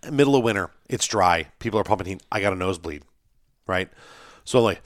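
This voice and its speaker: A young man in casual podcast chat, telling an animated story, acting out quotes and swearing freely. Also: fairly low pitch, quick pace, no echo, clean studio sound.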